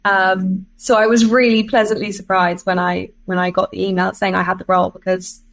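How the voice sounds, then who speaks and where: A woman's voice: mid-range voice, level tone, brisk, creaky, low-quality recording. English woman chatting with easy laughs. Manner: chatty, self-deprecating, laughs often. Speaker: voice actor guest. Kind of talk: casual interview chat.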